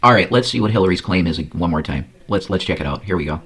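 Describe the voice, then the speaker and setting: Low-voiced man ranting crudely. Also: lively intonation, fast talker, fairly bright tone, husky. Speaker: commentary streamer. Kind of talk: casual profane commentary.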